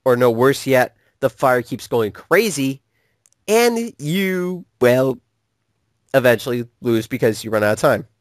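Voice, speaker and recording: A man in a casual ranting chat, animated and laughing often, throwing in curses as he gets worked up. His voice sits at an ordinary middle pitch, and the sound is dry and close, with no room echo. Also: moderate pace. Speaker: co-host of a gaming channel.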